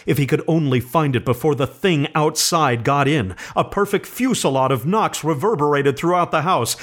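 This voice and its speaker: A man narrating a horror story in a slow, measured, suspenseful reading. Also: mid-range voice.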